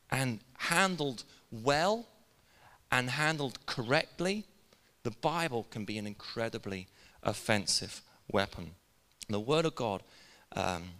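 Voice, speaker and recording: A man preaching in an energetic, chatty way, with asides to his church. His voice is bright and forceful, and the long reverb of the hall trails after his words. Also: medium pitch. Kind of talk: sermon.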